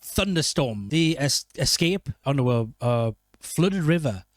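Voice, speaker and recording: A man's voice: on the high side, expressive, a little slow, dry recording. A man giving casual film commentary, rambling and joking, often correcting himself mid-sentence. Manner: rambling, jokey, self-correcting. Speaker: film reviewer.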